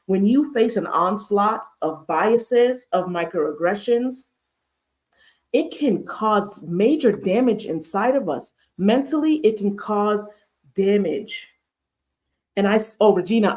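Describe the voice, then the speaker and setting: An American woman with a master's degree hosts a livestreamed mental health talk as a therapist. Her mid-range voice is animated, unhurried and a little mellow, and she speaks emphatically, asking rhetorical questions again and again.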